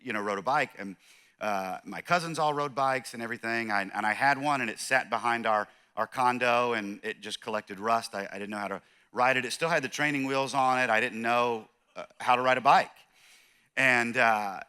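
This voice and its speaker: A pastor giving a conversational sermon, telling a story with animated, self-deprecating humor. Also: male voice, mid-range voice, clean tone. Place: church.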